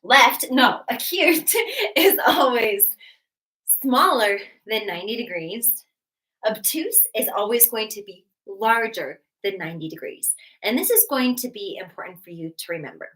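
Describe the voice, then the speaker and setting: A woman's voice: a little high, lively intonation, unhurried, fairly bright tone. A woman teaching a live online math lesson, bubbly and encouraging, chatting with viewers between steps. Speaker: GED math tutor. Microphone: webcam.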